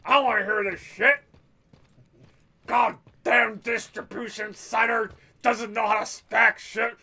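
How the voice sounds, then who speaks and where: A gruff, hot-tempered giant of an old man who growls and mutters his complaints, as a man puts him on. The voice sits a touch higher and louder than the storyteller's own, bright and forceful. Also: little pitch movement, a little slow, heavily acted. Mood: grumbling.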